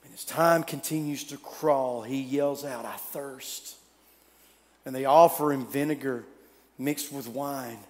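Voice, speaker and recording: A man preaching a sermon, telling the story dramatically, swinging from loud to hushed. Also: mid-range voice, steady tone, measured pace, big-room sound. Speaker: pastor.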